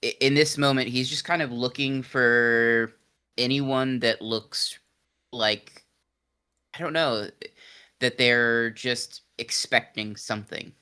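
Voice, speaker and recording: A man's voice: medium pitch, steady tone, takes it slowly, sharp tone, smooth. A man playing a tabletop game, explaining his character in a thoughtful, hesitant way. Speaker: player.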